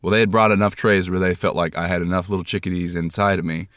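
Male podcast host, deep voice, self-deprecating storyteller, dry close mic. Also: fairly even intonation, fast talker, fairly bright tone, dry recording. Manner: rambling, self-deprecating, jokey.

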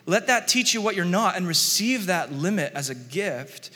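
A man preaching a sermon in a relaxed, conversational way, often chuckling and acting out the quotes he reads. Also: high voice, moderate pace. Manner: conversational, animated, laughs often, acts out quotes. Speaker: pastor. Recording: long hall reverb.

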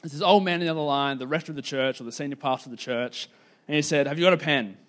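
A man preaching a sermon in a casual, conversational storytelling way, with lots of "like" fillers and slowing down to stress key points. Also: mid-range voice. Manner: casual, filler-heavy, slows down for emphasis.

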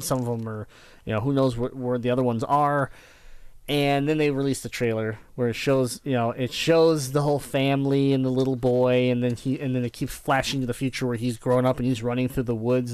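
A man co-hosting a casual chat about video games, rambling and acting out his own excited reactions. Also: medium pitch, clean tone, no echo. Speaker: podcast co-host.

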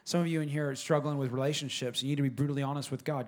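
A man's voice: medium pitch, fairly even intonation, racing, a little mellow. Casual, joking man preaching a sermon. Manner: casual, joking, talks straight to the congregation. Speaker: pastor. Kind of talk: conversational sermon.

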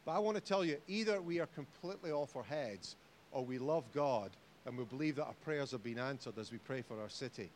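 A man with a Scottish accent preaching a sermon in church, jokey and animated, rising to loud exhortation. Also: mid-range voice, a little fast, a little hiss or hum. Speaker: pastor. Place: church hall.

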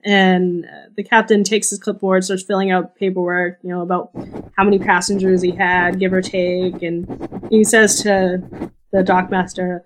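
A woman's voice: on the low side, flat delivery, moderate pace, a little hiss or hum. A woman narrating a tabletop game as game master, casual and easygoing, lightly voicing the characters she describes. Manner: casual, laughs easily, voices NPCs lightly.

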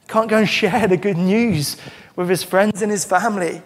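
Speaking at a moderate pace in a high voice, a male pastor delivers an earnest, emphatic sermon and often starts his phrases over. The sound carries a long reverb like a church hall.

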